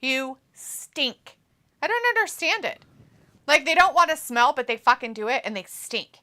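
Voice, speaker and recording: A woman's voice: high voice, big pitch swings, moderate pace, pushed and bright. A woman co-hosting a live stream in casual chat, with a nasal, cackly voice, teasing and swearing freely as she reads out viewer comments. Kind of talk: casual watch-along chat.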